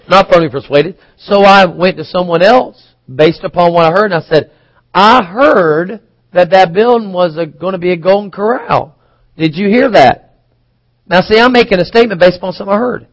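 A man's voice: sits high, no echo, rough recording. Preacher man with a dry close sound. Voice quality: occasional coughs. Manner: conversational, asks the congregation questions. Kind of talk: sermon teaching.

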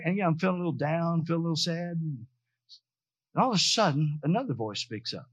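A man's voice: high voice, a bit bright, slightly rough, dry recording. A male pastor preaching a sermon emphatically, often repeating and restarting his words.

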